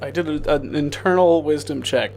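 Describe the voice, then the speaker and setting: A man's voice: on the high side, normal speed, vocal fry, a little mellow, a little hiss or hum. A man playing in a tabletop game, chatting in a playful, joking way. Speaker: player.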